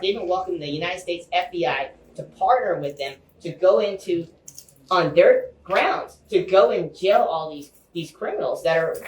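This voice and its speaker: A man giving an impassioned, rambling speech to a community group, with many fillers and restarts. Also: fairly high pitch. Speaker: guest speaker. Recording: echoey room, far from mic, faint hum.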